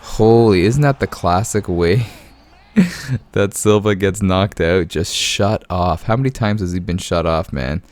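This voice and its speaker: Man, very deep voice, dry close sound, easygoing game commentary, chuckles, quiet at home. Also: unhurried, no echo. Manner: keeps voice down so as not to wake the house. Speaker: gaming channel host. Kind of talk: casual game commentary and storytelling. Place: home, late at night.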